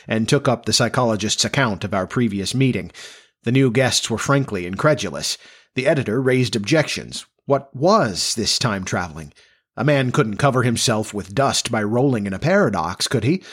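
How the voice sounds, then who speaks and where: Male narrator for a period novel audiobook, measured and steady, mid-pitched. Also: husky. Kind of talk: audiobook reading of a classic novel.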